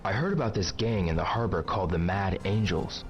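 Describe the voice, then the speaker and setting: An actor playing a terse young hero in a video game, speaking in short, clipped lines, in dull lo-fi game audio. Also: male voice, sits low, animated, brisk, soft background music.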